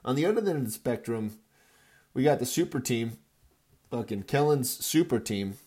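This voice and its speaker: A man in his thirties gives his friends a rambling, jokey, profane recap of his fantasy football league in a casual recap video. His mid-range voice is expressive, mellow and husky, at a moderate pace.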